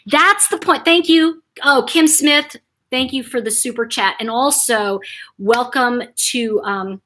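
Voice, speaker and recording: Woman, livestream host, animated, acts out quotes, rather high voice. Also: unhurried. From Buffalo, New York, USA. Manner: animated, talks in dramatized quotes. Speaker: channel host. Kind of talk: livestream chat.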